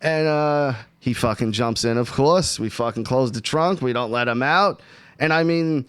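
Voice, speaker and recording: A man's voice: medium pitch, normal speed, clean tone, no echo. Profane storytelling man, dry close sound. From Texas. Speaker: podcast host. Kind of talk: casual storytelling chat.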